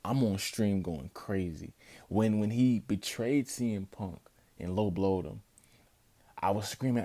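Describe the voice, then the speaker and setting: A man in a casual review vlog recounting a wrestling event with animated, emphatic storytelling. His voice sits very low, with a dark, mellow tone. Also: a little slow.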